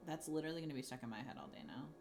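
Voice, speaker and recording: A woman's voice: low-pitched, racing, a little mellow, a little hiss or hum. A woman hosting a crafting livestream, chatting casually and rambling while she answers her chat. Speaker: livestream host.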